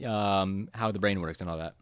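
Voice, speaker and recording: A young man from the American South who has no Southern accent talks in a relaxed, musing way on a casual podcast. His voice sits at a middle pitch and he leans on fillers as he thinks aloud. The sound is dry and close-miked. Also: normal speed, smooth, no room sound. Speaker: podcast co-host. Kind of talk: casual chat.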